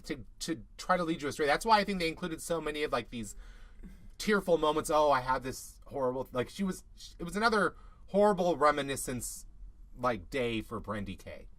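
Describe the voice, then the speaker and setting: A man co-hosting a casual recap show, chatty and snarky, breaking into quick mocking asides. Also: on the high side, a bit bright. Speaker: podcast co-host.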